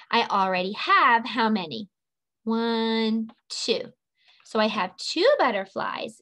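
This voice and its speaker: A woman teaching an online preschool lesson, talking to young children in a slow, sing-song way and stretching out each word. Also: fairly high pitch, fairly bright tone.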